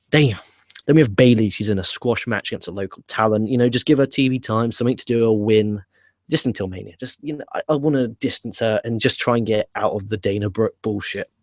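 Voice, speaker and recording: A man giving a casual, opinionated recap of a wrestling show he is booking, blunt and quick to swear. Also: lowish voice, no room sound, clean studio sound.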